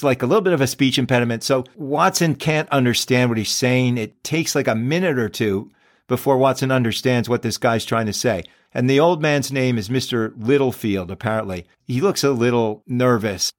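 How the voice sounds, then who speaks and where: A man's voice: medium pitch, no room sound, clean studio sound. Man casually retelling a story. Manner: conversational, with frequent restarts and fillers. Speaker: podcast host.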